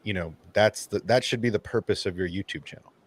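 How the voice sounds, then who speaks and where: A man with a fairly low voice hosts a casual livestream chat with friends. He talks in an animated way and acts out his nervous inner thoughts. The sound is dry and close, with no room behind it. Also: fairly quick, no room sound. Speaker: channel host.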